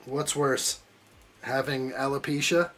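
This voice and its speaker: A man's voice: medium pitch, fairly even intonation, slow, a bit bright. Man bantering with his live chat. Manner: joking, teasing banter while reading chat aloud. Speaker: live stream host building a model kit. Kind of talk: casual live-stream chat.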